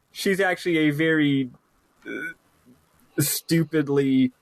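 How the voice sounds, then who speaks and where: A man's voice: fairly high pitch, very slow, no echo. Rambling man with a dry, close sound. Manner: rambling, many fillers and restarts, animated. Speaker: podcast co-host. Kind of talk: casual chat about a TV show.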